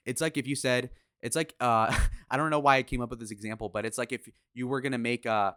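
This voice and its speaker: A man's voice: medium pitch, steady tone, quick pace, a bit bright, clear, resonant tone, dry recording, clean studio sound. A man giving casual political commentary in a crude, sarcastic, opinionated way, with swearing.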